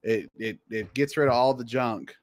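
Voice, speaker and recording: A man's voice: medium pitch, normal speed, dry recording. Man rambling eagerly on a podcast. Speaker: podcast co-host. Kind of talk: casual chat.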